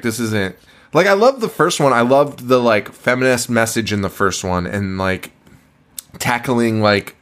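A young man with a mid-range, fairly bright voice co-hosts a horror movie podcast. The talk is casual chat: he swears a lot and laughs while acting out lines from the film.

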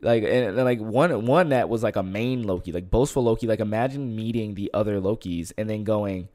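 A man co-hosting a casual chat, animated, laughing often and trailing off into fillers. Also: on the low side, fairly quick, no echo. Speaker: co-host.

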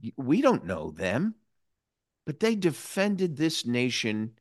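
A man's voice: medium pitch, huge pitch swings, slow, dry recording, clean studio sound. A man hosting an interview, speaking in a reflective and emotional way. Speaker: interview host. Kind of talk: political interview.

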